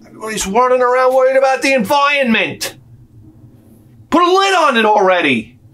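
A middle-aged man ranting to camera as a vlogger, profane and sarcastic, dropping to mutters and then shouting his outbursts. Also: very high voice, big pitch swings, brisk. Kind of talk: rambling comic rant to camera.

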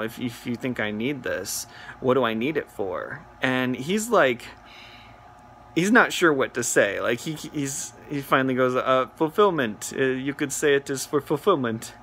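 Bright-voiced man telling a funny story. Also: medium pitch, slight background noise. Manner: animated, mimics voices while retelling. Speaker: comedian. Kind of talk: comedic storytelling to camera.

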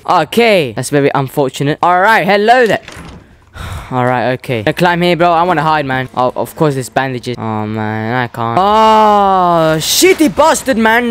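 A man's voice: a little high, a bit bright. A man, commentating a horror game playthrough, jittery and swearing, talking back to the characters. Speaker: gaming channel host.

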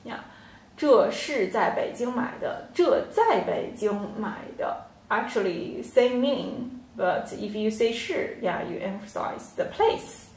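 A woman teaching a slow online Chinese lesson, patiently repeating words and filling pauses with "yeah" and "okay". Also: a little high, lively intonation, darkish tone, recorded from a distance. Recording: echoey room, off-mic.

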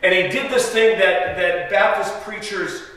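With a high, sharp voice that stays steady and measured, a visiting preacher tells stories from the pulpit of a church sanctuary. His sermon is chatty and self-interrupting, punctuated by laughter at his own jokes. The distant mic captures an echoey hall.

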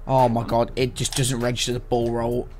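A young man commentating on a football video game, groaning and shouting at every twist of the play. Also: mid-range voice, completely flat delivery, normal speed, faint music behind. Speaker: gaming co-commentator. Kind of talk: live gameplay commentary.

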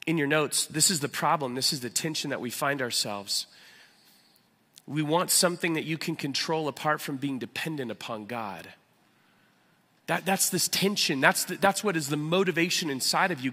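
Pastor, male, earnest and animated sermon delivery, sharp bright tone. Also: on the high side, moderate pace, long reverb tail. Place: church sanctuary.

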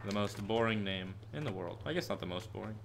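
An 18-year-old man live-streaming gameplay and answering chat questions, chatty and prone to excited, frustrated yelps. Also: on the low side, fast talker, gravelly, a little hiss or hum. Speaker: gaming streamer. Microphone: headset with headphones.

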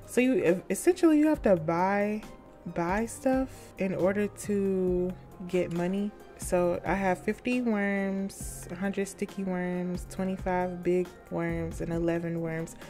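A young woman giving casual, excitable commentary while exploring a game, chatting to her viewers in slangy, upbeat talk. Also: on the low side, a little slow, soft background music. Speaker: gaming YouTuber.

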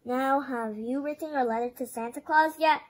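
A woman voicing a gentle, caring mother penguin, speaking soothingly in a storybook reading. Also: high voice, normal speed.

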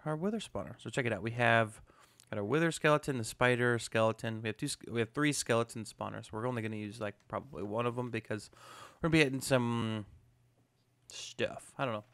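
This man hosts a video game channel, his medium-pitched voice fairly bright in tone. His gameplay commentary is upbeat and chatty, with a self-mocking streak.

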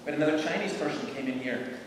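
This is a fast-talking middle-aged man with a fairly high voice, a preacher and evangelist recounting earnest, conversational stories for a group touring a large church. Recorded far away in an echoing hall, the background is noisy.

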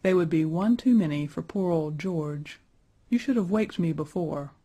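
A man's voice: fairly high pitch, animated, moderate pace, dark tone. A man reading the part of a sleepy, easygoing old stone knight woken from his slab in a storybook, yawning through his words.

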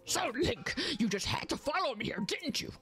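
Brief: a woman playing a boastful, bumbling male villain chief, high and gravelly, swinging wildly in pitch. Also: big pitch swings, fairly bright tone, soft background music, heavily acted. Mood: indignant. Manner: theatrical, blustering, quick to quit. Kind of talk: reading game dialogue aloud while streaming.

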